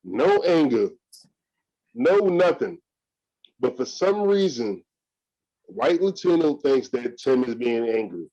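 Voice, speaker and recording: A man's voice: mid-range voice, slow, pauses often. A man co-hosting a podcast, animatedly retelling a clip in casual reaction chat. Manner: animated, laughing, storytelling. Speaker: podcast co-host. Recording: dull lo-fi sound.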